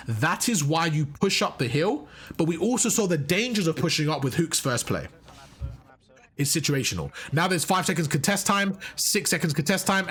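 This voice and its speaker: A man's voice: a little high, fairly bright tone, breathy edge. A man coaching viewers through match footage, emphatic and often checking in with "right?" and "okay?". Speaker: competitive gaming coach.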